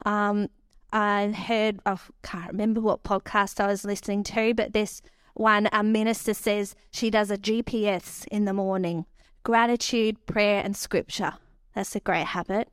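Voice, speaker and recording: A woman, preaching a sermon and telling stories with animated quoted voices. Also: medium pitch, a little slow, clear, resonant tone, no room sound, studio quality.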